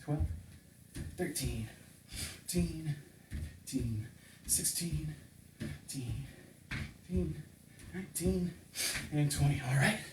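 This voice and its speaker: A man's voice: fairly high pitch, animated, slow, pauses often, heavy background noise. A man coaching a home workout, counting reps and explaining exercises, a bit out of breath as he works out along. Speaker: fitness coach. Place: home room with table and couch. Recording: echoey room, distant mic.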